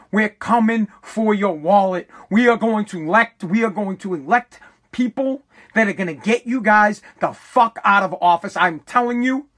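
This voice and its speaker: A woman's voice: a little high, a bit bright. A fired-up woman ranting about politics, swearing freely and dripping with sarcasm. Her delivery is heated, and she stumbles over repeated words as her anger builds. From United States. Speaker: political commentator. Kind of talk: angry political rant.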